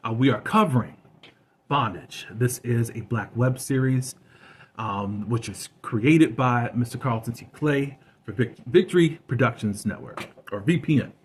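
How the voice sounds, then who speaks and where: A man's voice: mid-range voice, a little slow, a little hiss or hum. A man hosting a web series review channel, chatting casually about an episode with plenty of fillers. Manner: chatty and conversational, with many fillers.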